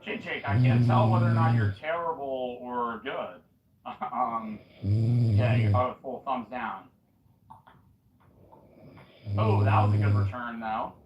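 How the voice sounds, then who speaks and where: A man on a headset mic giving live, excitable commentary on his own gameplay, yelling and swearing at opponents. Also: medium pitch, a little slow, roomy sound, lo-fi sound, slight background noise. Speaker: streamer.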